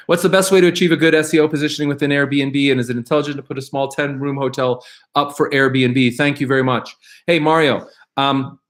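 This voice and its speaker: A middle-aged man hosting a live question-and-answer stream, chatting casually and with rambling energy, reading out viewer questions and answering them. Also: mid-range voice. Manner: animated, upbeat, rambling with fillers and restarts; reads viewer questions aloud.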